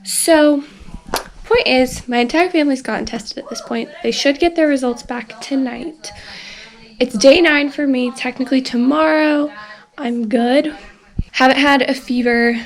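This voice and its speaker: A woman's voice: high voice, a little slow. A young woman recording a casual video diary in her bedroom while recovering from an illness, rambling with lots of "like" and "um". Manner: rambling, full of "like" and "um" fillers. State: recovering from illness, tires easily. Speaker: vlogger. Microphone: camera filming herself.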